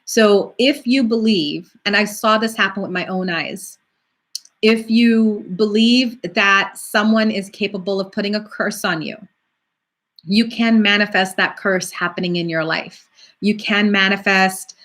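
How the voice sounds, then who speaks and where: Middle-aged lady medium chatting on a stream, lively, acts out what people said. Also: mid-range voice, unhurried. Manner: chatty, animated, acts out quoted voices. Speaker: psychic medium hosting a live stream. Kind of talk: casual live-stream talk answering viewer questions.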